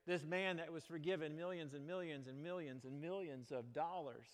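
A male pastor preaching a sermon, animated, moving between loud exclamations and quiet, earnest passages. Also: a little high, normal speed. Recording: long reverb of a large hall.

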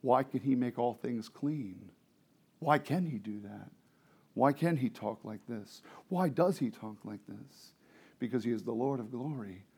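A man preaching a sermon as pastor, moving between soft, confiding asides and loud, fervent preaching, often asking the congregation questions. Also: medium pitch, husky. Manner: swings from quiet, intimate asides to loud, impassioned preaching.

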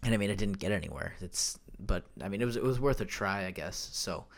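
Young male solo podcast host, lowish voice, loose and rambling, lots of ums and restarts, desk mic at home. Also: a little fast. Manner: rambling, many fillers and self-corrections. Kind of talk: casual solo podcast chat. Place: home room. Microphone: desk microphone.

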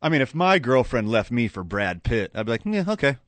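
An easygoing man co-hosting a studio talk show, chatting in a wry, relaxed way. His pitch sits in the middle but moves a lot. The recording is close and dry. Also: brisk, no echo. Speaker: co-host. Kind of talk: casual radio show banter. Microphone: studio mic.

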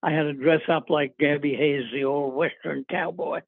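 A man's voice: on the high side, steady tone, normal speed, gravelly, breathy edge, no room sound. Older man telling stories over a phone line. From New England. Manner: rambling anecdotes with chuckles and filler words. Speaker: guest actor. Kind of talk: casual interview storytelling. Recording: tinny phone-line sound.

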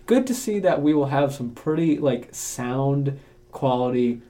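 A man's voice: mid-range voice, animated, a little slow, warm tone. A man co-hosting a local newspaper podcast in casual chat, chatty and laughing easily. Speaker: podcast co-host, sports editor.

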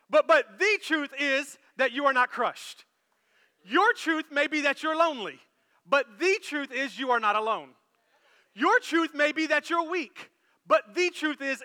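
A man preaching a sermon as pastor, animated and storytelling, acting out quoted lines. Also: very high voice, measured pace, long reverb tail.

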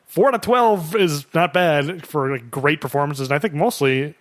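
A man co-hosting a relaxed film podcast, chatting in stop-start bursts and circling back on his own words. His voice sits a little high for a man. The sound is dry and close, with no room around it. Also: normal speed, no echo. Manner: hesitant, restarts often, chuckles. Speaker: podcast co-host. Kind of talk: casual movie-review chat.

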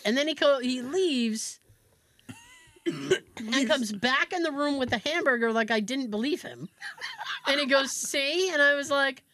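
A woman's voice: high-pitched, measured pace, pauses often, a bit bright, dry recording. A woman co-hosting a podcast in casual chat, telling a long story with lots of restarts. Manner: rambling storyteller, trails off and restarts. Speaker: podcast co-host.

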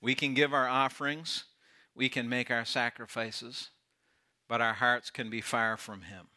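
A man preaching a sermon as pastor, earnest, often dropping soft and low to stress a point. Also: fairly even intonation, unhurried.

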